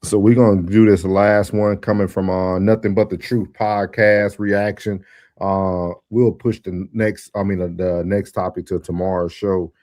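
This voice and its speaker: Deep voiced dude hosting a podcast, chill, lots of uhs, dry sound. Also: male voice, level tone, unhurried, darkish tone, no room sound. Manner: easygoing, laid-back, filler-heavy. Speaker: podcast host. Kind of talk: relaxed show hosting.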